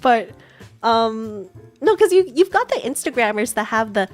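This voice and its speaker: A woman's voice: fairly high pitch, very animated, normal speed, soft background music. A woman hosting a casual chat stream, rambling along with lots of "like" and restarting her sentences. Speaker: VTuber host.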